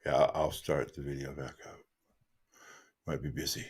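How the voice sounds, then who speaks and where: A man's voice: a bass voice, little pitch movement, moderate pace, darkish tone, slightly rough. A man hosting a live stream, chatting casually and rambling in a friendly way, often restarting his sentences and calling the listener dude.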